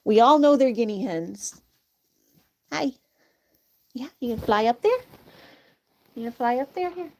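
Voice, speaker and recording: A woman's voice: a little high, lively intonation, a little slow, long pauses, darkish tone, a little hiss or hum. A woman chatting casually while she feeds farm animals, cooing at them in a sweet, raised voice and laughing often. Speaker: animal keeper.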